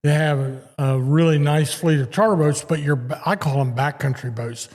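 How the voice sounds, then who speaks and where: A man's voice: a little high, moderate pace, darkish tone. A man hosting a live fishing show, a former captain telling stories in casual chat. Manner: conversational, storytelling. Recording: long reverb of a large live venue.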